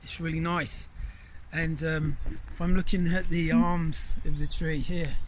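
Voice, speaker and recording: A middle-aged man filming himself in a rainy forest by a river, guiding viewers in a gentle, rambling, enthusiastic way. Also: on the high side, level tone, measured pace, a little hiss or hum. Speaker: nature guide. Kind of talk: outdoor vlog instruction. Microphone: handheld camera.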